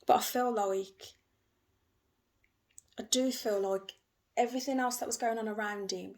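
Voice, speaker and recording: A woman giving an emotional, gentle tarot reading, repeating herself often. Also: mid-range voice. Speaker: tarot reader.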